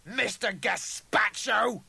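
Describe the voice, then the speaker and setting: A nasty screeching double, super high and shouty, sneering all the way. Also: male voice, slow, vocal fry, slightly rough, no echo, exaggerated voice. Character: spiteful, screeching male duplicate of an officer.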